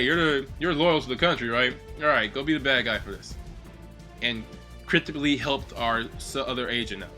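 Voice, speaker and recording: A man hosting a gaming video, giving an excitable, heavily profane casual ranking commentary. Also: mid-range voice. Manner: acts out game lines in loud bursts.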